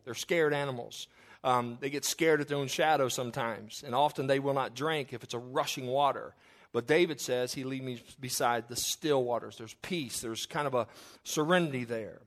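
A male pastor delivers a funeral sermon at a middle pitch. He preaches earnestly and leans into the scripture lines as he reads them aloud. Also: normal speed.

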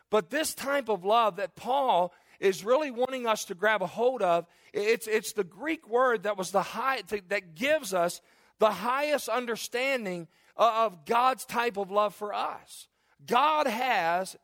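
Man, 40s, pastor, sermon, earnest conversational preaching, high voice, dry close sound. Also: a bit bright, dry recording. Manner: earnest, repetitive, conversational preaching with frequent restarts.

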